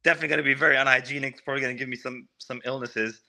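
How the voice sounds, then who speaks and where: Young male fighter on a video call, bright and forceful, emphatic, peppers every answer with bro. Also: mid-range voice, fairly even intonation, rapid-fire, creaky. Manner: emphatic, keeps saying bro and man. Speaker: MMA fighter. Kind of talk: casual remote interview.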